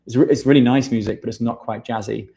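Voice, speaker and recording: A man's voice: medium pitch, fairly even intonation, fast talker, dark tone. A man hosting a casual livestream, chatting loosely and calling viewers mate. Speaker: livestream host. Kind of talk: casual livestream chat reading viewer questions.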